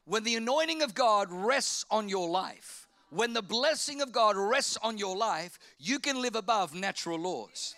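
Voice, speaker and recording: A man preaching a sermon, fervent, repeating phrases and swinging from loud to hushed. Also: high voice, animated, measured pace, few pauses. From Australia. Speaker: pastor.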